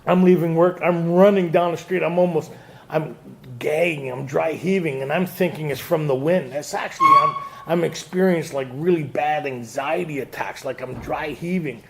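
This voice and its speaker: A man's voice: a little high, normal speed, creaky, a little hiss or hum. A man speaking to a recovery group, telling his story with laughs and acted-out quotes.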